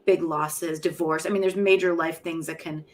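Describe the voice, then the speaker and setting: A woman's voice: sits low, fairly even intonation, moderate pace, slight background noise. A middle-aged woman, a poet and professor, talking frankly and reflectively in an interview, often laughing at herself. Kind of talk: candid conversational interview.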